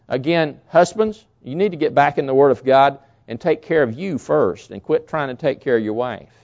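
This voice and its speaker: A male pastor preaching a sermon with emphasis, repeating key words and swinging between loud lines and hushed ones. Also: fairly high pitch, dull audio.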